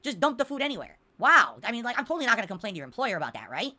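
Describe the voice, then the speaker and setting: Her fairly high, sing-song voice races along, pushed and bright, as she hosts a casual rant livestream from her room at home. Exasperated but casual, she responds to viewers in the chat.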